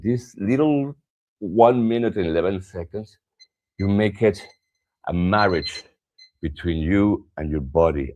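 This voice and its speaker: A very deep-voiced man leads a morning stretching class. His cues are calm and instructive, and his voice sinks soft and low when he stresses a word. Now and then he stops on fillers while he explains a point. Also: muffled recording. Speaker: yoga and somatic practice teacher.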